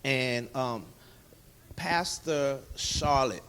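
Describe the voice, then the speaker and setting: Animated man sharing his testimony. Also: mid-range voice, drawn-out words, clean tone. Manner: animated storyteller who acts out dialogue in other voices. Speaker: interview guest. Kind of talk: candid personal testimony in a casual interview.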